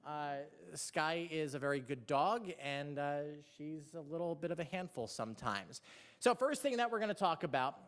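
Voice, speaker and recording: A man, a meteorologist running the seminar, presenting to a room with an upbeat, halting delivery full of ums and restarts. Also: fairly high pitch, animated. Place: seminar room before an audience. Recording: reverberant hall.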